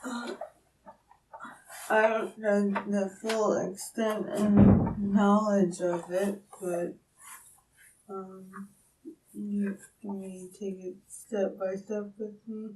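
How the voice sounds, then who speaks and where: A young woman in her twenties, sedated and slurring, answering questions in a police interview room, halting and trailing off. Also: medium pitch, flat delivery, darkish tone, a little hiss or hum. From Florida, USA. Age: 20s. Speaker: suspect being questioned. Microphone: room recording device. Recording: distant room recording.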